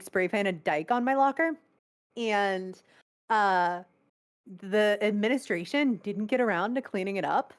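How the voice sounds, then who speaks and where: A young adult woman, a guest on a video call interview, telling stories in a blunt, animated way and swearing freely. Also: mid-range voice. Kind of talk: casual storytelling.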